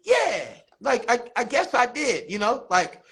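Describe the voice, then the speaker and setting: A man, a barber and basketball coach, telling animated stories in a casual interview, acting out quotes. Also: very high voice, a little slow, breathy edge. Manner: animated storytelling, laughs often, acts out quotes.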